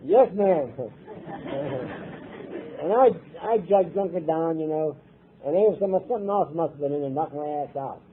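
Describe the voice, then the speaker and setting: An older man from Ohio giving a blunt, profane personal testimony at a recovery meeting, with a husky voice. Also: fairly high pitch, lively intonation, unhurried, a crowd in the background, noisy background. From Ohio, USA. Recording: tinny lo-fi tape recording.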